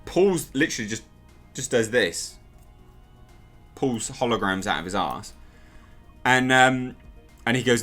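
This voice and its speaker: A man's voice: medium pitch, expressive, a little slow, long pauses, fairly bright tone, faint music behind. A man reviewing a TV episode in a casual, sarcastic and exasperated rant.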